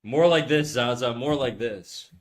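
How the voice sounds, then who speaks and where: A man's voice: mid-range voice, measured pace. Laid-back, foul-mouthed young male streamer. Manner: laid-back, swears a lot, reads chat aloud. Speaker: live-stream artist. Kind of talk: casual live-stream chat while drawing. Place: his apartment, untreated room. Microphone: USB condenser desk mic.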